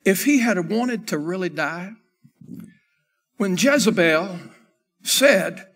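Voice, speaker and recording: A man preaching a sermon as pastor, swinging from quiet talk to shouted, half-sung lines. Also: high voice, animated, takes it slowly, in a large hall. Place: church sanctuary.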